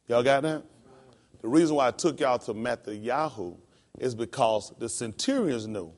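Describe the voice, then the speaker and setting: A male pastor preaching a sermon. He calls out to the congregation and climbs into high, emphatic, drawn-out lines. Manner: calls to the congregation with "come on" and "y'all".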